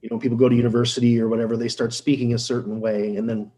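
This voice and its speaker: A Canadian man with a mid-pitched, everyday voice hosts a relaxed conversation. He keeps asking curious follow-up questions in an easygoing, informal way. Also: rapid-fire. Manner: curious, asks lots of questions. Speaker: channel host. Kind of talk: casual chat.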